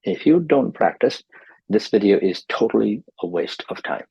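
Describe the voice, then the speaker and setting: A man with a deep voice full of gravelly fry and a husky edge teaches in a dry, close recording. He presses his points home and comes back to his key advice more than once. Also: animated, normal speed, mellow, no echo, highs cut off. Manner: emphatic, repeats key advice. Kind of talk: instructional video lesson.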